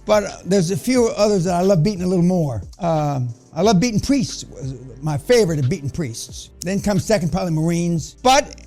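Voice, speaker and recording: A man holds forth before a seminar room, blunt, crude and provocative as he rambles from point to point. His voice sits rather high for a man, and faint music runs underneath. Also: expressive, brisk, few pauses, warm tone. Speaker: business seminar speaker. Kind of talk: profane seminar lecture to a room.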